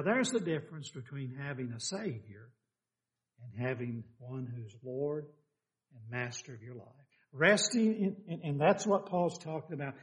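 An older man preaching a sermon, folksy and animated, firing questions at the congregation. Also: a little high.

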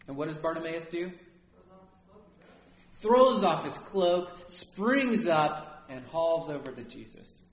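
A man preaching a sermon as a priest, lively and conversational, often asking his listeners "right?". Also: on the high side, unhurried, reverberant.

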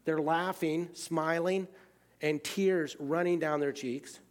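Speaking slowly at a fairly high pitch, an American man casually recalls his travels with plenty of fillers, veering between excited outbursts and hushed, quiet stretches.

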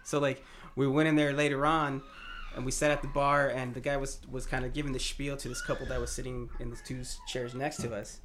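Bright-voiced man telling stories. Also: medium pitch, fairly quick, slight background noise. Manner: animated storyteller, laughs often. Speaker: podcast co-host. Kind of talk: casual chat.

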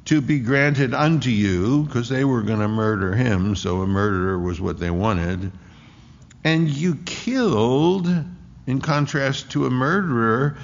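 A man preaching a sermon in an emphatic way, often restarting with quick repeated words. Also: fairly high pitch, vocal fry. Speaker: pastor. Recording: echoey hall, dull lo-fi sound.

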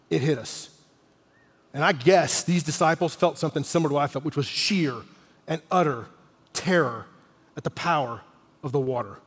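A man in his forties preaching a sermon, an animated storyteller who sometimes drops almost to a whisper for emphasis. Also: a little high, big-room sound. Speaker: pastor.

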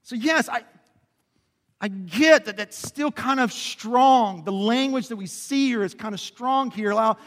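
A man preaching a sermon as pastor, animated and questioning, calling on the congregation to answer back. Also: very high voice, a little slow, in a large hall. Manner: animated preaching, drops to quiet emphasis and rises to shouts; asks the congregation questions and calls for responses.

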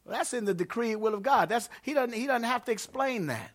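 A man preaching a sermon to a congregation in a church, emphatic and growing loud when he quotes scripture. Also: extremely high pitch, lively intonation, fairly quick. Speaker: pastor.

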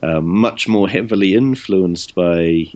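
A man with a New Zealand accent, answering questions in a relaxed conversation, thoughtful and pausing often with ums. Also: low-pitched, lo-fi sound. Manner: thoughtful, hesitant with many ums. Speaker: interviewee. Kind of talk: casual conversation.

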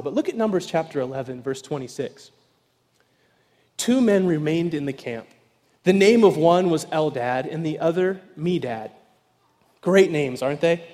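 A man preaching an evening sermon as pastor, telling a story animatedly and acting out voices, sometimes shouting with excitement. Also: on the high side. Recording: long reverb in a large hall.

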